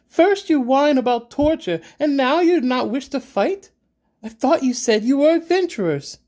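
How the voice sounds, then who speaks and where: A woman's voice: fairly low pitch, lively intonation, a little slow, mellow, voice pushed up. A man voicing a fierce, vengeful young woman warrior who speaks in a seething, scornful and insistent way.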